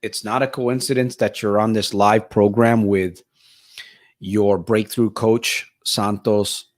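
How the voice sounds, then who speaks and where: A man's voice: lowish voice, fairly even intonation, slow. A man from Stockton, California hosting a live-stream Q&A as a motivational life coach, earnest and repetitive, often restarting and repeating his phrases.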